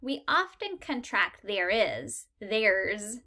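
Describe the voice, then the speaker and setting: A woman's voice: mid-range voice, very animated, slow pace, pushed and bright. A woman teaching a beginner English lesson, modelling short sentences patiently and stressing key words. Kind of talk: slow, clear language lesson.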